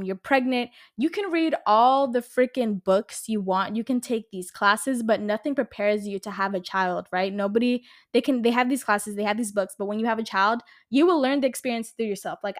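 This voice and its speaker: A woman in her twenties from the Los Angeles area, hosting a casual solo podcast, rambling and chatty, swearing freely and saying "like" and "literally" a lot. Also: mid-range voice. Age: 20s. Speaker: podcast host.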